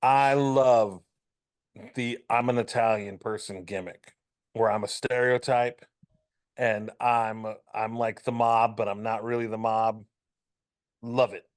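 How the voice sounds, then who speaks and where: A man's voice: mid-range voice, fairly even intonation, slow, pauses often, smooth. Man ranting on a wrestling podcast. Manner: ranting, joking and profane. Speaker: podcast co-host. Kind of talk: casual chat.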